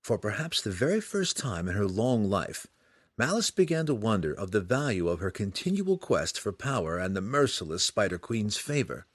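A man narrating a fantasy audiobook with a dramatic, expressive reading. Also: lowish voice, moderate pace, dry recording, studio quality.

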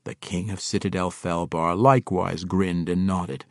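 A man narrating a fantasy audiobook in an expressive storytelling manner on a close microphone. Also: sits low, a little slow, no room sound. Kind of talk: scripted narration.

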